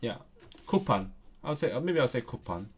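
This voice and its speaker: A man's voice: medium pitch, big pitch swings, measured pace, breathy edge. A man on a casual live stream, thinking aloud as he works through language exercises, hesitating often and repeating words.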